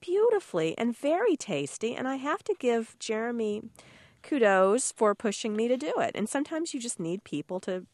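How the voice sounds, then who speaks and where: A woman's voice: on the high side, moderate pace, no echo. A woman cookbook author chatting on a radio show, telling stories with laughs and acted-out voices. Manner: animated storyteller, laughs often, acts out quoted voices. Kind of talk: casual radio chat.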